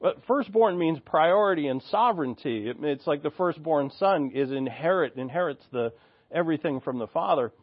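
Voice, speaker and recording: A man's voice: on the high side, expressive, normal speed, no room sound, highs cut off. A man preaching an expository sermon, reading scripture aloud and explaining it in an earnest, teaching way, thinking aloud with restarts.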